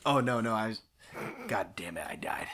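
Bright, lively young man swearing at a game. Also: fairly low pitch, normal speed, a little hiss or hum. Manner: swears a lot, laughs and yelps at the game. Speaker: let's play host. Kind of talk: casual gameplay commentary.

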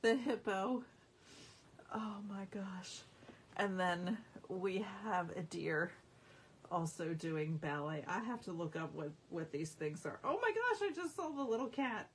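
Home crafter woman on a live stream, unhurried and a bit low-voiced, giggling through her show-and-tell, light hiss behind. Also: lively intonation. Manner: giggly, amused, chatty. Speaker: craft demonstrator. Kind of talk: live-stream product showing.

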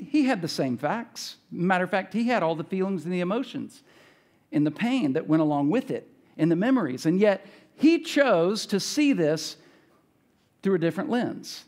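High-voiced man preaching conversationally. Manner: retells scripture casually, acts out characters' lines; folksy asides and self-corrections. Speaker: pastor. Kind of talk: conversational sermon.

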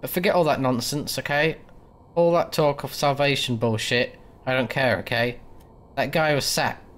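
A man's voice: mid-range voice, moderate pace, fairly bright tone, natural voice. A man voicing an erratic, obsessive male drifter in a horror game, pleading one moment and snapping the next. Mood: unhinged. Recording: mains hum behind.

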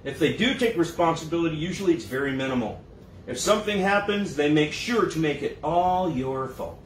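Echoey pastor preaching in a casual tone. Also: male voice, fairly high pitch, lively intonation, brisk, a little hiss or hum. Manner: conversational preaching, acts out quoted voices. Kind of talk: sermon. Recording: echoey room, mic at a distance.

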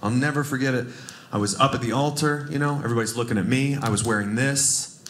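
A man's voice: medium pitch, quick pace, very noisy. A man from Cleveland telling a wry, self-deprecating story in a stand-up set. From Cleveland, USA. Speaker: stand-up comedian. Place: comedy stage before a live audience. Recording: echoey room with audience laughter.

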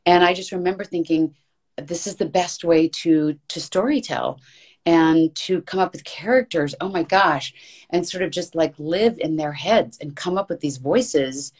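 A woman's voice: on the low side, measured pace, darkish tone, husky. A woman talking as an interview guest about her voice-acting work, chatty and earnest, in long flowing runs. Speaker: guest voice actress. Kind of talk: casual interview.

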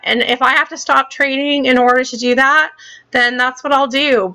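This is a woman ranting on her own vlog, angry and swearing as she keeps repeating herself. Her voice sits a bit high and comes across bright and forceful. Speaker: gaming channel host.

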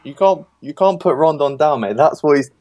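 A man's voice: fairly high pitch, moderate pace. A young man in his late teens from England, chatting casually and joking as an opponent during a game. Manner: easygoing, joking, excited bursts. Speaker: opponent and fellow YouTuber. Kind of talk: casual chat while gaming.

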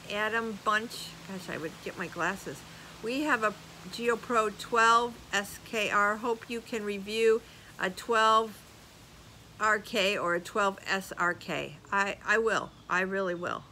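Older woman, bright voice, casual animated chat, slight background hiss. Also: mid-range voice, slow, low-quality recording. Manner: chatty, animated, laughs often. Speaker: YouTube vlogger. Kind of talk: casual chat reading comments.

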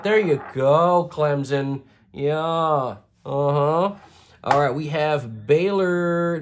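A host doing deadpan, absurd jokes while flipping a coin for picks in a comedy vlog. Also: medium pitch, slight background noise. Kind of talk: comedic coin-flip bracket picking vlog.

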